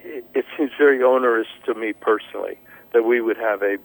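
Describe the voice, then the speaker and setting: A man who is a city council member, answering questions on a radio show in a measured, hesitant way. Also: medium pitch, gravelly, poor audio. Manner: measured, hesitant, repeats words. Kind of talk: radio interview.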